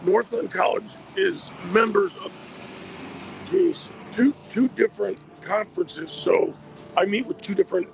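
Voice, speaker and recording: A hoarse man, an athletic director, calling in by phone to a radio show from outdoors. He chats casually and often restarts his sentences. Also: high voice, animated, measured pace, slight background noise. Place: outdoors by a busy street.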